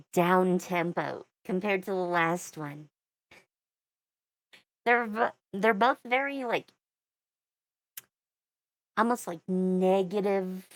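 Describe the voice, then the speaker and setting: A woman speaks in a lowish voice, taking her time as she gives casual reaction commentary on music. She muses out loud in an unhurried way, and the recording sounds dry and close. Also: no room sound. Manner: thinking aloud, musing and unhurried.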